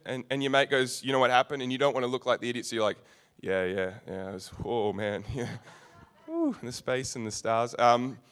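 A young man preaching a sermon, telling stories with humorous asides. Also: medium pitch. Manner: storytelling, animated, with humorous asides.

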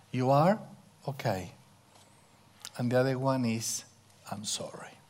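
Middle-aged male preacher, slow and intimate, wide pitch swings, hushed asides. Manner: slow, intimate, drops to whispers for emphasis. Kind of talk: sermon.

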